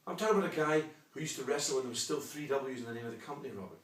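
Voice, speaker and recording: A man's voice: medium pitch, expressive, racing, distant mic, a little hiss or hum. A Scottish man in his forties, a wrestling promoter delivering a combative, mocking, boastful promo rant. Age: 40s. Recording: echoey room, off-mic.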